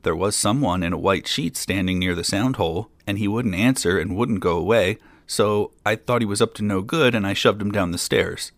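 A man's voice: lowish voice, moderate pace, hardly any pauses, no room sound, lightly acted. A man voicing a naive, fearless young boy who talks plainly and earnestly.

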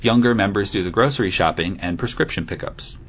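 A man's voice: low voice, brisk, a bit bright, breathy edge. A man co-hosting a casual podcast, reading a news article aloud and often breaking into laughter. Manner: giggly, amused, reads with playful emphasis. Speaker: podcast co-host.

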